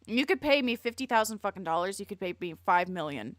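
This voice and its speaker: A woman's voice: mid-range voice, expressive, quick pace, fairly bright tone, no echo. A young woman streamer reacting live in crude, jokey, rambling casual talk full of swearing.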